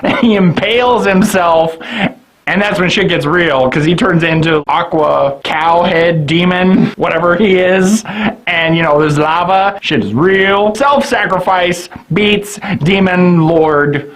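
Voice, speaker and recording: A man's voice: sits high, unhurried, poor audio. A drunk man rambling through a comedic anime review, swearing and laughing often.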